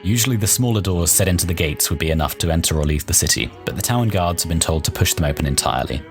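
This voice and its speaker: A man's voice: deep voice, expressive, fast, faint music behind. A young man hosting a let's play, reading game text aloud and chatting in an amused, thinking-aloud way. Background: faint game soundtrack.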